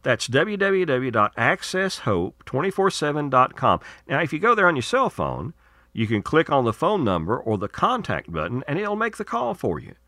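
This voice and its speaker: A man's voice: mid-range voice, wildly swooping pitch, moderate pace, pushed and bright, no room sound, clean studio sound. A man hosting his radio show, reading segments and promos in a folksy, earnest, persuasive way.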